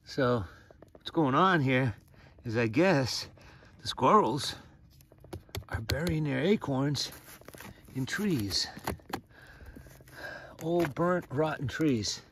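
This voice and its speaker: A man's voice: mid-range voice, expressive, slow pace, long pauses, background noise. A man filming at his mountain home, chatting and teasing his cat in a casual way. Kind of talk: casual talk to a pet. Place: rural mountain home by a fire. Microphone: handheld camera.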